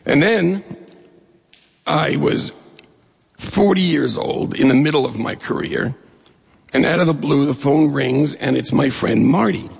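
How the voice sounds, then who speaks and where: Middle-aged male storyteller, very husky and animated, in a reverberant hall. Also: a little high, unhurried, pauses often. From New York State. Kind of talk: personal story told to an audience.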